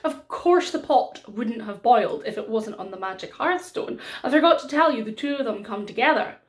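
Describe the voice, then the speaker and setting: A woman's voice: fairly high pitch, animated, moderate pace, close to an everyday voice. A woman doing a sly young trickster lad. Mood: wheedling. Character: sly young male trickster, cheeky and smooth.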